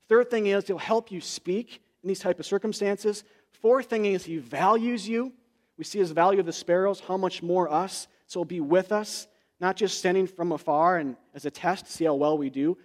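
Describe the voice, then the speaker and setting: Guy preaching a sermon, kinda high voice, earnest and chatty, lots of uh's and right?'s. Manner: earnest, explanatory, many "right?" asides and "uh" fillers. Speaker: pastor.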